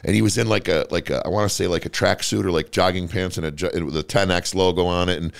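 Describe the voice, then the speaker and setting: A man's voice: low voice, steady tone, fast talker, creaky, clear, resonant tone, no room sound. A man hosting an interview show, telling stories animatedly and swearing freely. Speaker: podcast host. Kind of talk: casual interview chat.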